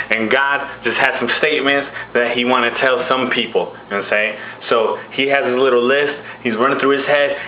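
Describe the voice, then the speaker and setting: A man's voice: medium pitch, slight background noise. Young man telling a slangy comedy skit. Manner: loose, slangy, rambling. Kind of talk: casual comedic storytelling. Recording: dull, echoey room recording.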